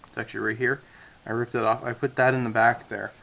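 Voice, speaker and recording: This is a man with a mid-range voice, chatting loosely about his model kit. His talk is relaxed and full of fillers, and he sounds a bit winded. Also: mid-range voice, quick pace, creaky, rough recording. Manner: relaxed, rambling, with many fillers. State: out of breath. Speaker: scale model hobbyist. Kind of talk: casual build commentary.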